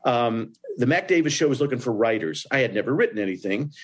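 A man from Indiana tells show-business stories as an interview guest, in an ordinary mid-range voice. He talks in an animated way and keeps leaping up in pitch to act out what other people said. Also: quick pace, slightly rough. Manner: animated, breaks into voices with big jumps up in pitch. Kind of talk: storytelling in an interview.

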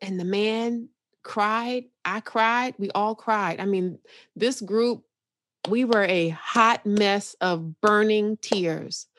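A woman's voice: mid-range voice, slow pace, fairly bright tone, dry recording. A woman from New York speaks as a podcast guest in a mid-range voice, telling a personal story with candid animation and easy laughter. The sound is dry and close, with no room around her. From New York, United States. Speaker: psychotherapist guest.

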